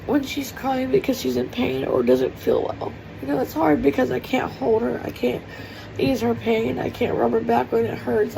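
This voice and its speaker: A vlogger with a high-pitched, creaky voice speaks tearfully and from the heart in her home kitchen, rambling with lots of fillers through an emotional personal monologue. Background noise is audible.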